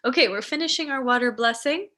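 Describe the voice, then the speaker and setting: Woman ceremony host on a live stream, slow devotional delivery, bright and pitched a little high. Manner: soft, slow and devotional when blessing. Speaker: spiritual teacher and ceremony host.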